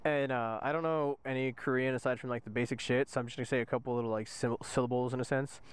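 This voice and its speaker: Young soldier guy, clear voice, swears a lot, laughs his way thru the story. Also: medium pitch, fairly even intonation, quick pace. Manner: profane, rambling, laughing often. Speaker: soldier vlogger. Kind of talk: casual storytelling.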